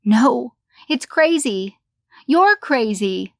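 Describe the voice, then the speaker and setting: A woman playing a desperate middle-aged mother who pleads in a raised voice, set well above normal talking pitch. It's a horror storybook reading recorded dry and close. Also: animated, drawn-out words, creaky, a bit bright, no echo, exaggerated voice.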